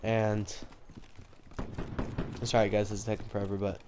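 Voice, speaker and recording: A man with a fairly low voice tells a story in a loose, rambling way, stopping to fix his words and filling gaps with "uh" and "like." Clear game noise and mouse clicks run under his voice throughout. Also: monotone, normal speed. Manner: rambling, self-correcting, frequent fillers. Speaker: gaming vlogger telling a story. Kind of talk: casual storytelling over gameplay. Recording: game audio and clicks behind. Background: game announcer, gunfire, keyboard clicks.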